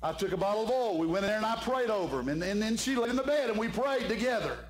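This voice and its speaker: A man's voice: sits high, animated, quick pace. A man preaching an evening sermon as pastor, fervent and fond of saying "my friend". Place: church sanctuary. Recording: echoey church room with faint hum.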